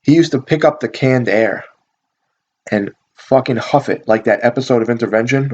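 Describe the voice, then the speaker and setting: A man's voice: medium pitch, normal speed, darkish tone. A man hosting a casual storytelling vlog, rambling and swearing in an offhand way. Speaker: channel host. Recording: dull lo-fi recording.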